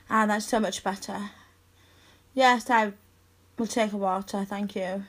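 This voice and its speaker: Slow, soft-spoken young woman. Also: mid-range voice, fairly even intonation. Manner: soft, intimate and affectionate, with sighs and giggles. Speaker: audio role-play performer. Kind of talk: one-sided audio role-play to the listener as her best friend.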